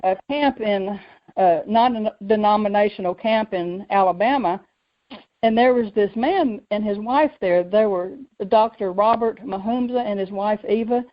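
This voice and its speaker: A woman hosting a faith radio show, telling her own story in a lively way and acting out the voices she quotes. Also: medium pitch, normal speed. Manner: lively, acts out quoted voices, laughs often. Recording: muffled lo-fi radio audio.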